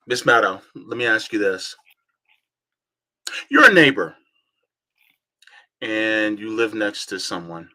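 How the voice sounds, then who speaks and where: A man's voice: fairly low pitch, bright, forceful tone. A man hosting a political livestream, arguing fiercely, firing off rhetorical questions and swearing now and then. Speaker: host.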